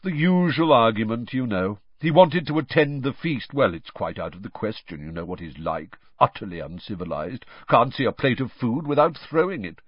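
A man's voice: medium pitch, big pitch swings, moderate pace, hardly any pauses, breathy edge, no echo, dull audio. A man voicing a fussy, gossipy old male ghost in a storybook reading, in a genteel manner.

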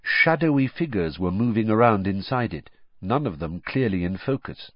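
A man reading a storybook aloud as narrator, expressive and varied, in a muffled lo-fi recording. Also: lowish voice, normal speed, dry recording. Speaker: audiobook narrator.

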